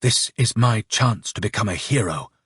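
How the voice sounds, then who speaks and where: Young cadet officer, tense and brave, high strained commands, read by a male narrator, husky, dry sound. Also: lively intonation, moderate pace, fairly bright tone, no room sound, full character voice. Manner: raised urgent commands.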